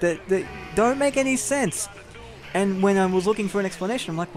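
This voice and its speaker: A young man rambles through a candid personal story while playing a game, peppering it with swearing. His voice sits a little high for a man. Game music plays clearly behind him. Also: lively intonation, moderate pace. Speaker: gameplay commentator.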